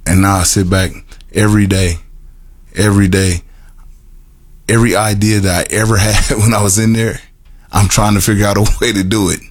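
A middle-aged or older man giving an earnest personal testimony to a group, with halting, repetitive phrasing and many restarts. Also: lowish voice, little pitch movement. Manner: earnest and emotional, laughs at himself. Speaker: formerly incarcerated man telling his story.

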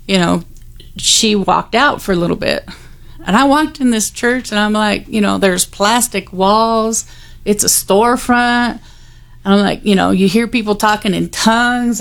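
A woman with a gravelly, fry-laced voice tells her personal testimony in a candid, conversational way. Her delivery is wry and unguarded, with a mid-range pitch. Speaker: guest sharing her testimony.

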